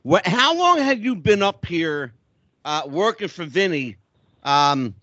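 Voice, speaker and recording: A man's voice: sits high, sing-song, takes it slowly, bright, forceful tone, dry recording. A male podcast host chatting casually, eagerly reacting and asking questions. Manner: eager, laughs and reacts a lot. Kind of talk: casual interview chat. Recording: dull dry lo-fi line.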